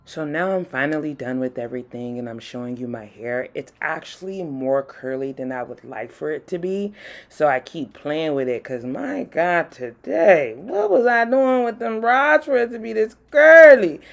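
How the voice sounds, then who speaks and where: A woman's voice: mid-range voice, vocal fry. A woman vlogging casually to the camera, chatting and commenting on herself as she gets ready. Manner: chatty, self-commenting while getting ready. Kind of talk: casual vlog talk to camera.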